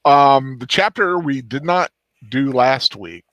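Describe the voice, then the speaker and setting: A man's voice: medium pitch, animated, slow, a bit bright, dry recording, muffled recording. Wry male co-host, dry sound. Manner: wry, joking asides. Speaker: regular co-host. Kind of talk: casual livestream chat.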